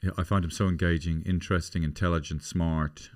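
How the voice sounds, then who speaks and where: A man's voice: low-pitched, level tone, fairly quick, a little mellow. A middle-aged Irish man hosting a podcast, chatting casually and rambling through comic stories. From Ireland. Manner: rambling, slips into put-on voices for anecdotes. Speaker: podcast host. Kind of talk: casual comedic chat.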